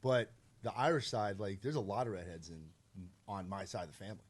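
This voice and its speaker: A man's voice: on the low side, brisk. A man co-hosting a casual podcast, rambling through his points with many fillers and rhetorical questions. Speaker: podcast co-host. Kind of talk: casual chat.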